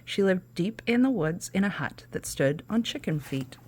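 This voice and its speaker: A woman's voice: fairly low pitch, lively intonation, normal speed, darkish tone, slightly rough. A woman podcast host reading a children's storybook aloud, with casual asides between the narration.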